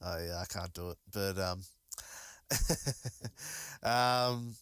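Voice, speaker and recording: A man's voice: deep voice, normal speed, fairly bright tone, clean tone, dry recording. A man hosting a solo podcast, talking casually and enthusiastically, rambling with many fillers and restarts. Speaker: podcast host.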